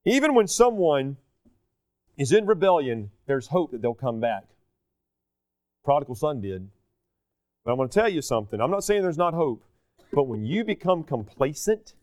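A man preaching a sermon, moving between emphatic peaks and slow, quiet asides. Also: a little high, big pitch swings, no room sound, studio quality. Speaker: pastor.

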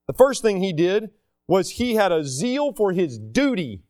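A man's voice: high voice, a little slow, dry recording, studio quality. A man preaching a sermon, talking casually and acting out the people he quotes. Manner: animated, acts out the people he quotes.

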